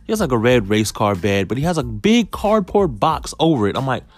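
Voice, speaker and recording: A man tells a comic story at a medium pitch, with faint music under him. He acts out each character in turn, swinging his voice up and down. He moves quickly from narration into quoted lines. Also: sing-song. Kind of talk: comedic storytelling.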